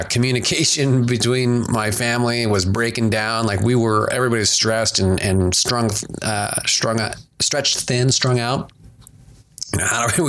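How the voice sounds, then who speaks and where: Animated man telling a personal story. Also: lowish voice. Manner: animated, emphatic, acts out his own past reactions. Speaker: podcast host. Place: at home.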